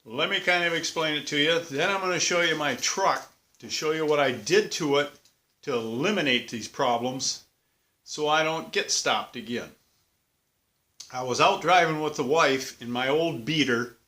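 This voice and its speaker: A man's voice: on the high side, normal speed, bright, forceful tone. A man hosting his own vlog, telling a story in a casual, plain-spoken, chatty way. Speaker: vlog host. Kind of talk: folksy storytelling.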